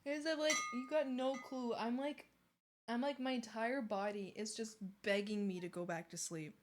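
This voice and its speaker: A woman's voice: on the high side, steady tone, normal speed, a little hiss or hum. A young woman streaming, chatting casually with her viewers, giggling, apologizing and rambling with lots of fillers.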